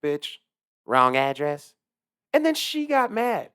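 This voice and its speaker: A man who works as a delivery driver, ranting casually to camera, heated and swearing heavily, swinging between low muttering and loud outbursts. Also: very animated, takes it slowly, clear, resonant tone, no echo, studio quality. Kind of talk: casual profane rant to camera.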